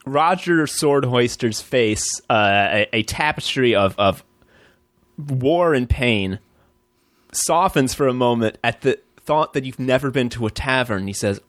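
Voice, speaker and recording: A man narrating his moves as a player in a tabletop game, in a halting way with many fillers. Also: mid-range voice, a bit bright, no room sound.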